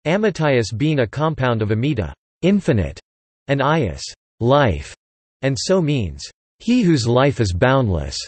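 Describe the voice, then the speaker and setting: A computer-generated man's voice reading an encyclopedia article in an even, flat machine delivery. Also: mid-range voice, measured pace, husky, dry recording. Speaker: text-to-speech reader.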